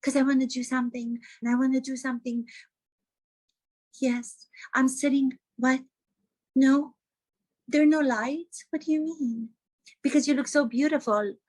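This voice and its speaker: A woman sends up a gushing actress who claims everything is spontaneous. The voice runs high, breathy and sugary, full of theatrical gasps and wide-eyed surprise. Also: steady tone, unhurried, long pauses, darkish tone. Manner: breathy, gasping, over-sweet and theatrical. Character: gushing fake-innocent actress giving a TV interview.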